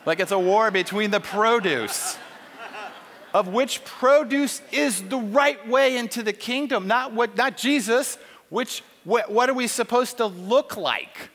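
A man giving a conversational sermon at a conference, telling a Bible story with animated asides and acting out characters' voices. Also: high-pitched, unhurried. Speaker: conference speaker. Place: church auditorium. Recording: long church hall reverb.

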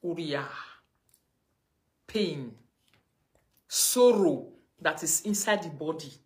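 A Nigerian woman ranting on a livestream, mocking and scolding, her voice swinging between loud outbursts and low mutters. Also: animated, slow pace. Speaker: livestream host. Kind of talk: casual livestream rant.

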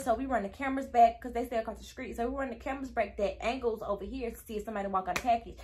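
A woman's voice: fairly high pitch, big pitch swings, fast talker, hardly any pauses. A young woman telling a casual storytime to her viewers, chatty and easily sidetracked, acting out quoted dialogue. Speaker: vlogger.

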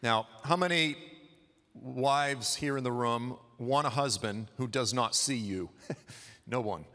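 Delivering a sermon as a guest preacher, a man with a mid-range voice talks slowly in a pushed, bright tone. He tells the story conversationally and with humor, and the church hall lends a long reverb.

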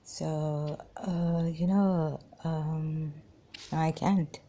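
A woman recounting memories in a halting personal monologue, pausing often, apologizing and trailing off. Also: low voice, steady tone, warm tone. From Pakistan. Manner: hesitant, many pauses and apologies, trails off.

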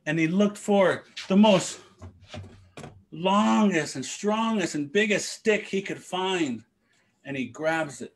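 A man telling a traditional story to young people, animated, with spoken sound effects. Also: sits high.

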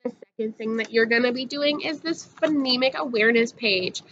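A woman's voice: fairly high pitch, fairly quick, a bit bright, dull audio, slight background noise. A woman teacher giving a patient, sing-song phonics lesson to young children, drawing out each sound.

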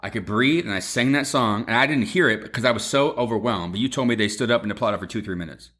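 A man telling a lively story to his mother over a video call, swearing freely and acting out quotes. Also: mid-range voice, fast. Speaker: son, former Broadway performer.

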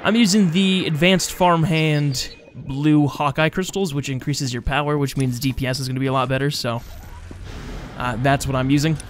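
A man's voice: fairly high pitch, normal speed, slight background noise. A tired young man rambling casually while playing a game, yawning and mocking his own stumbles. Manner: rambling, self-mocking, drowsy. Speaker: gaming channel host. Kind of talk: casual let's-play commentary.

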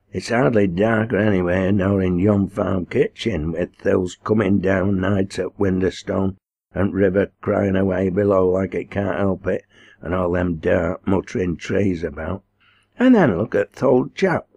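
A man voicing a hot-tempered village man, blunt and forceful in broad dialect. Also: low voice, gravelly, exaggerated voice.

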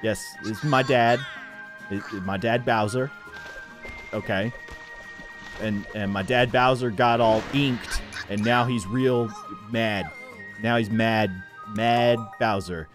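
A man's voice: lowish voice, fairly even intonation, slow pace, music in the background, pitched below the performer's own voice. A man reading the lines of a young male koopa prince who pleads earnestly for help with his father. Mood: worried.

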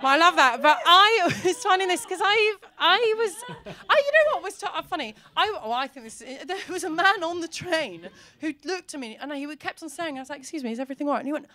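A woman in her thirties doing a bawdy stand-up comedy set on a club stage, acting out characters and breaking into shouts. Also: extremely high pitch, big pitch swings, fairly quick. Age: 30s.

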